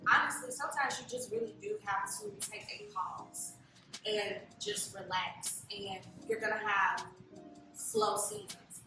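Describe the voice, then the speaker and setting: A woman's voice: medium pitch, sing-song, measured pace, music in the background. Woman in her late twenties, echoey and distant. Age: late 20s. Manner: chatty, reflective, many fillers. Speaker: interview guest, self-love blogger. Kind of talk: casual interview conversation.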